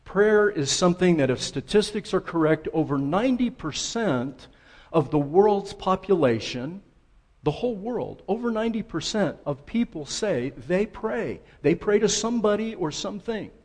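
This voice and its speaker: A male pastor giving a sermon in an easygoing, conversational storytelling style. His voice sits a little on the high side. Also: animated, normal speed, a little mellow.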